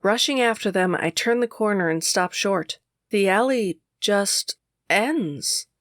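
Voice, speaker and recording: A woman narrating a first-person audiobook in a steady, measured way. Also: mid-range voice, no echo, studio quality.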